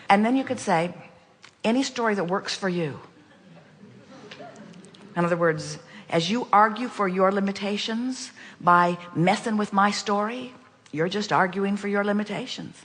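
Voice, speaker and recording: A woman speaks in a measured, emphatic manner, calling herself "we" as she teaches. Her voice carries the long reverb of a large hall. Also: mid-range voice, expressive, a bit bright. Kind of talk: spoken teaching in conversation.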